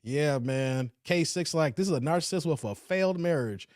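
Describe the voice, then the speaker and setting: Higher-pitched man hosting a chatty livestream. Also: animated, normal speed, a little mellow, dry recording, studio quality. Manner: laid-back and slangy, often ends lines with "man" and "y'all". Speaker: livestream host. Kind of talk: casual livestream chat, reading viewer comments. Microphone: streaming setup.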